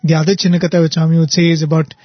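A man, thinking aloud in a halting, thoughtful way as co-host of a spiritual discussion. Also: fairly high pitch, little pitch movement, dry recording, muffled recording. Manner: thoughtful, halting, self-correcting. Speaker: co-host of a spiritual talk show. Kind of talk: conversational discussion.

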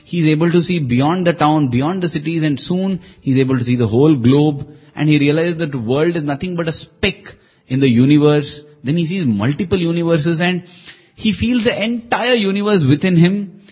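Husky earnest man telling a devotional story. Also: fairly high pitch, moderate pace, highs cut off. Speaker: devotional speaker.

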